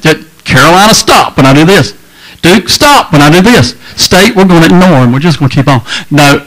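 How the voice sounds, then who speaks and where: A middle-aged man preaching a lively, joking sermon to a youth crowd in a large hall. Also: fairly high pitch. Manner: folksy, joking, crowd-engaging.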